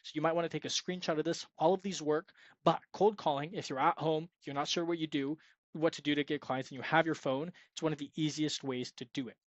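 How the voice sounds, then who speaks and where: A man's voice: a little high, fairly even intonation, a little fast, dry recording, dull audio. A young man giving an upbeat, salesy screen-share tutorial on freelance web design, sometimes acting out sample sales calls. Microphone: screen-recording mic.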